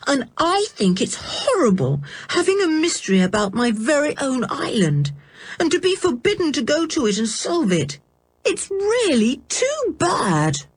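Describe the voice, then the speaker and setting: A woman's voice: high-pitched, wildly swooping pitch, unhurried, no room sound, voice pushed up, exaggerated voice. A woman voicing a headstrong tomboy girl in a storybook reading, sulky and indignant. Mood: gloomy.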